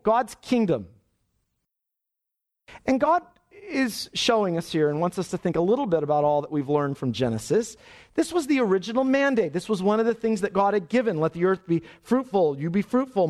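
Male pastor, high lively voice, dramatic scripture reading in a sermon. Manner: animated preaching, dramatic scripture reading with shifting pace.

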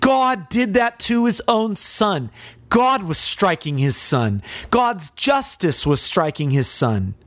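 A man preaching with strong drama. He asks question after question and speaks directly to his listeners. His pitch climbs and falls widely, his pace is deliberate and slow, and the dry, close sound puts him right at the ear. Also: very animated, fairly bright tone, no room sound. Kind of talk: sermon.

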